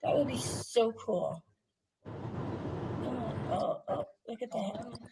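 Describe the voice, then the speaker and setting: Excitable woman coaxing a spirit. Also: fairly high pitch, slow pace. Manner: pleading, excitable, gasping. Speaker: paranormal investigator. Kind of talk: coaxing a spirit during a ghost hunt. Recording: noisy field recording.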